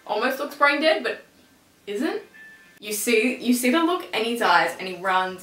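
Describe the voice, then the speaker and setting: Young woman, excitable rambling reviewer; bright tone, roomy distant sound. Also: on the high side, normal speed, soft background music. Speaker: reviewer retelling an episode. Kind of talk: casual chat. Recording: echoey room, a bit far from the mic.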